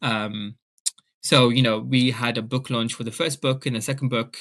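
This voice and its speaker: A man, an author being interviewed, telling personal stories in a lively, animated way. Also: mid-range voice, normal speed. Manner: animated, acts out family members' voices. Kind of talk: casual storytelling in an interview.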